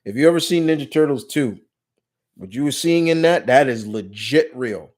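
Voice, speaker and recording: A man's voice: mid-range voice, animated, normal speed, a little mellow. Rambling New York man chatting live. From New York, USA. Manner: rambling, many restarts and fillers; blunt, jokey, swears casually. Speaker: live stream host. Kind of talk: casual live Q&A chat.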